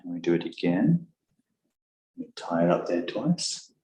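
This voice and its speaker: A man guiding a meditation session, giving calm, gentle instructions in an echoing room. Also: low-pitched, measured pace. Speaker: meditation guide. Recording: echoey room.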